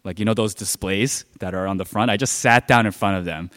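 A man's voice: lowish voice, fairly quick, fairly bright tone. Man, pastor, conversational sermon, lots of fillers, long reverb hall. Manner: conversational, heavy use of filler "like". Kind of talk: sermon told as a personal story.

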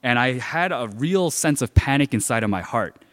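The speaker is a pastor whose sermon unfolds as a personal story told conversationally, with frequent fillers, especially "like." He has a medium pitch, lively intonation, normal speed, and a fairly bright tone. The recording carries a long hall reverb.

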